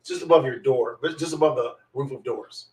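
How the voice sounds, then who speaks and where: Fast-talking man telling his story. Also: mid-range voice, a little mellow. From Michigan, USA. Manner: emphatic, repeats phrases, laughs between points. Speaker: guest. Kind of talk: animated storytelling in a conversation. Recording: roomy sound from a distant mic.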